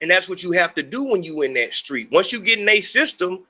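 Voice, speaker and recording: A man's voice: high voice, big pitch swings, a little fast, pushed and bright. A middle-aged man hosting a podcast, talking in a heated, profane, rambling monologue. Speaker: podcast host. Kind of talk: unscripted monologue.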